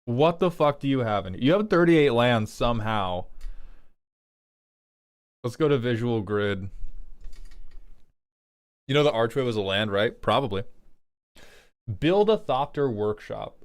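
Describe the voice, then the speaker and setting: Male streamer, casual deck-review banter, very animated delivery with wild pitch swings, salty language, loud rants. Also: measured pace, long pauses, clear, resonant tone. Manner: animated, profane, breaks into loud outbursts and laughter. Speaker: streamer reviewing viewers' card game decks. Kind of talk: casual livestream commentary.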